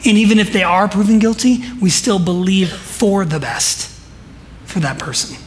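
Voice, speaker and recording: A man preaching a sermon in a church service, telling stories emphatically and swinging between soft asides and loud declarations. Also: high-pitched, animated, moderate pace, slight background noise. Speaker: pastor.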